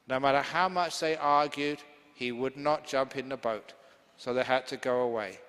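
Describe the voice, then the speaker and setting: A man's voice: mid-range voice, normal speed, fairly bright tone. A man, a Buddhist monk teacher, giving a humorous, chatty dharma talk full of stories. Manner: humorous, chatty, laughing easily. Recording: long hall reverb.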